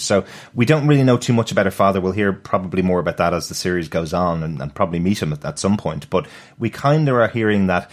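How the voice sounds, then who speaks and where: A man co-hosting a podcast, chatting briskly about a TV episode and chuckling now and then. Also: deep voice, animated. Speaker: podcast co-host.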